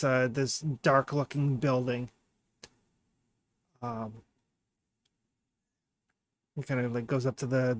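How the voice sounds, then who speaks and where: A male game master describes the scene in a loose, rambling way, padding it with fillers. His voice sits at a middling pitch. The recording is dry and close. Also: no echo. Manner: casual, rambling, many fillers. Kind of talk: narrating a tabletop game.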